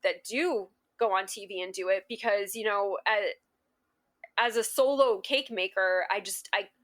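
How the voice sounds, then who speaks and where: A woman's voice: mid-range voice, a little slow, a bit bright. A woman guest on a podcast, recounting a personal story in a rambling, emotional way, restarting sentences and laughing often. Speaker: guest cake artist. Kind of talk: casual interview storytelling.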